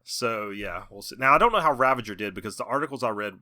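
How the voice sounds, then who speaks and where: A man's voice: on the low side, lively intonation, quick pace, bright, forceful tone, dry recording, clean studio sound. A man co-hosting a horror film podcast, chatting casually and enthusiastically. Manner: enthusiastic, emphatic. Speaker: podcast co-host. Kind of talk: casual chat.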